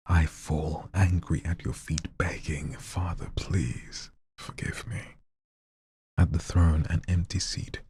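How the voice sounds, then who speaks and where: A man hosting a live show, reading submitted poems in a soft near-whisper and chatting loosely between them. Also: rumbling low, no echo. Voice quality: husky, breathy. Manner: reads softly in a near-whisper, then chats loosely with slang. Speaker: host reading listener submissions. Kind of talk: live poetry reading with casual commentary.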